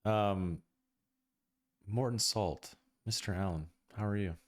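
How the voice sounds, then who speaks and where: A man's voice: lowish voice, slow pace, dry recording, studio quality. A man hosting a tabletop game stream in casual chat, jokey and profane, laughing often. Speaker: game master and stream host.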